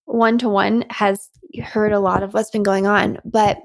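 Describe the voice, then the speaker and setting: A woman in her thirties hosts a solo podcast, speaking earnestly and with animation, often breaking into a laugh. Her voice has a gravelly fry at the ends of phrases. The recording is dry and close to the mic, with no room sound. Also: medium pitch, little pitch movement, measured pace, dry recording. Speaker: podcast host and coach. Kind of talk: reflective solo podcast talk.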